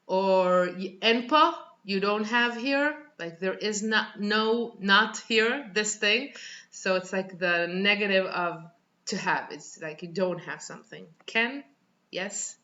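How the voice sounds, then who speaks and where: A woman's voice: medium pitch, takes it slowly, bright, forceful tone, muffled recording. A Hebrew-speaking woman with an Israeli accent who teaches Hebrew in a reaction video, laughing often and explaining step by step.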